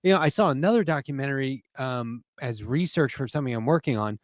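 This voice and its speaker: A man, talking loosely in a casual panel chat, rambling and circling back on himself. He has a medium-pitched voice and sounds close and dry. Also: quick pace, no echo. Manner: rambling, trails off and restarts, swears casually. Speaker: co-host.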